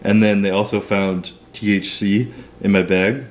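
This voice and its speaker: A man's voice: lowish voice, flat delivery, measured pace. A young man from Canada, telling a personal story to camera in a loose, profane way full of "like". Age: young adult. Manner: loose and profane, heavy use of "like". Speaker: vlogger. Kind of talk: casual storytelling.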